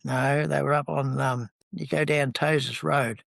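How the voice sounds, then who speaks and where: A man's voice: mid-range voice, steady tone, a little slow, gravelly, a bit bright, no echo. A man, telling rambling stories as an interview guest, with lots of ums. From New Zealand. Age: 70s. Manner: rambling, anecdotal, with many ums. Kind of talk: relaxed storytelling in conversation.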